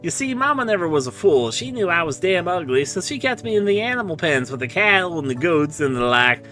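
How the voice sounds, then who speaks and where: A high, bright-toned hillbilly tomato farmer that a man puts on rambles in a slow Southern drawl. He jumps from one crude, oddball thought to the next. Faint music plays underneath. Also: big pitch swings. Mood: folksy. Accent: put-on Southern US drawl. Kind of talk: voicing a game character while streaming.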